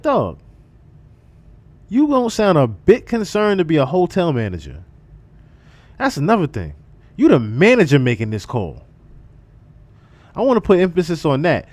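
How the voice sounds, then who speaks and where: Animated man ranting on a livestream. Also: on the high side, a little slow, pauses often, no room sound. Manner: animated, repetitive, profane. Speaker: livestream commentator. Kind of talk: casual livestream commentary.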